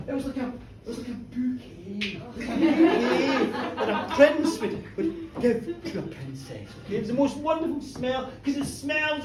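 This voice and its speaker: A woman telling a comic story to a live audience in a bar, playful and animated, acting out the characters. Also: high voice, noisy background. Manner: animated, playful, acts out a boy's voice. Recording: echoey bar recorded from far off.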